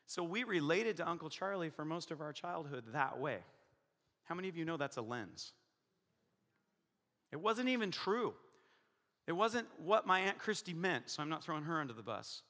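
A middle-aged male pastor preaches in a raised, bright voice, acting out the people in his story. His pitch leaps and dips with animation. The sound carries a long echo from a large church hall. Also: sing-song, moderate pace, long pauses. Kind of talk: sermon with personal story.

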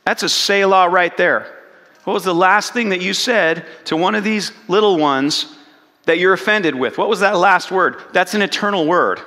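A man preaching a sermon, telling the story with animated retellings and asking the congregation questions. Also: sits high, moderate pace, in a large hall. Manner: animated storytelling, acts out quoted lines, asks the congregation questions. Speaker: pastor.

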